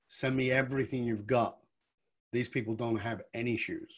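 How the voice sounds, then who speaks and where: A man hosting an interview, telling an anecdote and asking questions in a lively conversational way. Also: lowish voice. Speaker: podcast host, interviewer.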